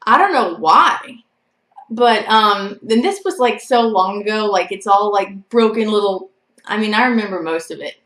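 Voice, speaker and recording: A woman's voice: mid-range voice, expressive, normal speed, a bit bright. Chatty woman telling a story. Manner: chatty and rambling, full of "like" and "you know". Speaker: vlogger. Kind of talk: casual storytelling to camera. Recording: echoey room.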